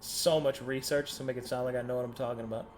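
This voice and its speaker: A man's voice: mid-range voice, fast talker, faint music behind. A man running a tabletop game as game master, chatting casually and laughing often with his players. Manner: laughing, excitable.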